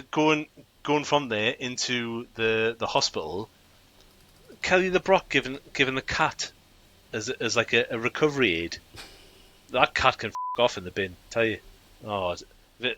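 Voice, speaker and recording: A man's voice: mid-range voice, moderate pace, bright, forceful tone. A man co-hosting a casual movie podcast, speaking in a dry, colloquial way with hesitant starts. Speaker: podcast co-host. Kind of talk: casual movie review chat.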